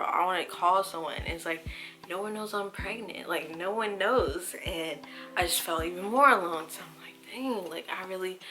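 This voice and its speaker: A young woman talks straight to camera in a personal vlog, her voice slightly low but bright and forward. She speaks softly and haltingly, stumbling through fillers as she retells something painful. Faint music sits underneath. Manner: soft, halting, emotional retelling with many fillers. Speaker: vlogger.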